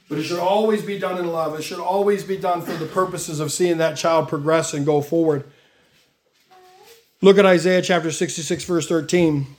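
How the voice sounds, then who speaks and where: A middle-aged pastor with a notably high-pitched voice delivers a sermon. He reads scripture aloud and presses his points with emphatic rises in his voice.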